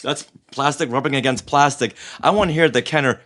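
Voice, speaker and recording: A man's voice: medium pitch, brisk, a bit bright. A man co-hosting a podcast in casual chat with his wife, teasing and talkative. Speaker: podcast co-host.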